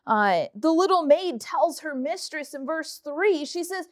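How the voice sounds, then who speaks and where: High-voiced woman teaching kids the Bible. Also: measured pace. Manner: lively storytelling that mixes scripture reading with casual retelling. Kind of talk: Bible story lesson for children.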